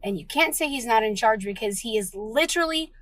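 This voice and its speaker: A woman's voice: a little high, animated, fairly quick, a bit bright, no echo, poor audio. A woman ranting in an online video, indignant, firing rhetorical questions.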